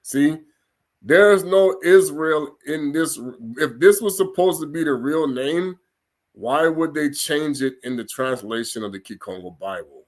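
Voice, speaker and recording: Slow, halting man reading scripture aloud. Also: a little high. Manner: sounds out foreign words slowly, syllable by syllable, with chatty asides; laughs and gets animated in asides. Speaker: religious teacher. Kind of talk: informal scripture reading lesson.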